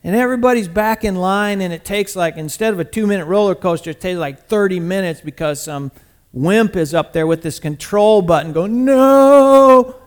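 A man with a fairly high voice delivers a sermon in a loose, talkative style, speaking straight to the people in front of him. He leaps from loud bursts down to soft, low asides. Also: a little fast. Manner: animated, conversational preaching with sudden loud bursts and soft drops; talks to the congregation directly, calling on people by name. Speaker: preacher.

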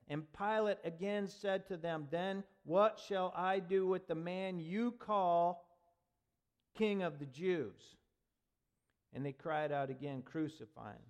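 Forceful preaching man, fairly high voice. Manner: dramatic preaching, rising to forceful emphasis. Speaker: pastor. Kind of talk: sermon.

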